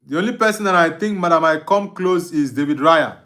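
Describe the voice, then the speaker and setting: A young man from Nigeria who speaks English with an Igbo accent hosts a live football watch-along, reading viewer comments aloud and answering them. He laughs often as he talks. His voice is bright and sits a bit high for a man. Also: brisk. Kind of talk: live stream chat reading.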